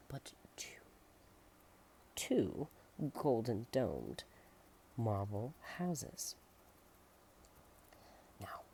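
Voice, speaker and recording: Slow, mellow soft-spoken ASMR reader. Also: medium pitch, gravelly, a little hiss or hum. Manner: hushed, drifting into whispers, playful asides. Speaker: ASMR book narrator.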